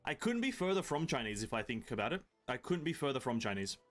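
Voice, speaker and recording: A man's voice: medium pitch, very animated, fast talker, soft background music. A man from Europe streaming a video game, chatting casually with his viewers, swearing freely and bantering with them. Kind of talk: casual live-stream chat while playing.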